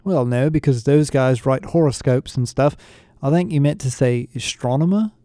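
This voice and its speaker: Man doing nerdy teen boy, pedantic, smug, mellow smooth voice. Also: mid-range voice, normal speed, dry recording, lightly acted. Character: nerdy know-it-all teenage boy.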